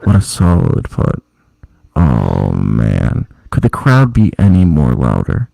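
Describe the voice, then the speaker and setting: A man putting on a hushed male golf TV commentator who keeps pleading for quiet in a fussy way. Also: rumbling low, wildly swooping pitch, slow pace, vocal fry, no room sound, voice pushed down, heavily acted. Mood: mock-hushed.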